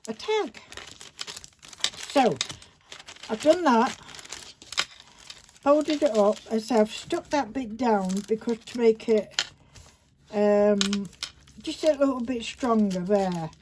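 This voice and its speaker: A woman chatting casually while she demonstrates a paper craft project, rambling and talking to herself as she works, recorded on a phone camera. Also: medium pitch. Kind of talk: casual craft tutorial chat. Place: indoors at a craft table. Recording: faint background noise with paper crinkling.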